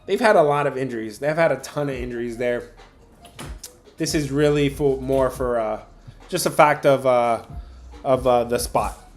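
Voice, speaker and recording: A man's voice: medium pitch, moderate pace, soft background music. A young man hosting a sports betting livestream, chatting casually with viewers about picks, with lots of fillers. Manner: chatty, addresses chat viewers directly, frequent fillers.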